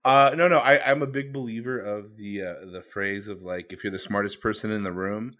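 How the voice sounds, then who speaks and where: A man's voice: on the low side, steady tone, fairly bright tone. A man co-hosting a podcast, telling a story in a casual, rambling way with many restarts. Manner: rambling, halting, lots of fillers and restarts. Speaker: podcast co-host.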